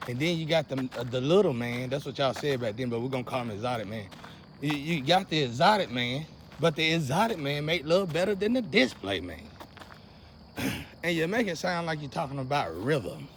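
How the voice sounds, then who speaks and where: Young man, high gravelly voice, preachy and repetitive; night insects and faint hiss behind him. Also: sing-song, normal speed. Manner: preachy, repetitive, swings from loud outbursts to low muttering. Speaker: vlogger. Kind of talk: casual rant to camera.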